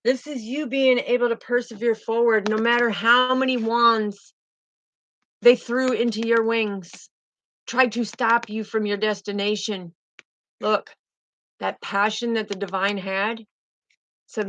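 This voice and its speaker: A woman's voice: on the high side, fairly even intonation, unhurried, a bit bright, highs cut off, slight background noise. A woman giving a spiritual tarot reading in a fervent, emotive way, often repeating herself. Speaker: tarot reader.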